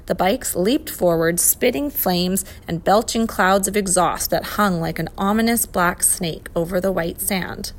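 A woman reading a children's adventure story aloud, expressive and lively. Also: lowish voice, measured pace, hardly any pauses. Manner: expressive, voices the characters. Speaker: narrator.

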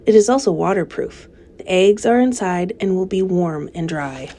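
A wise but fading female spider from a storybook who speaks in a soft, subdued, unhurried way , voiced by a woman reader. The voice is dark and mellow. A gravelly fry runs underneath. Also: on the low side, animated. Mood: weary. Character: wise, tired female spider, gentle and weakening. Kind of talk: storybook character reading.

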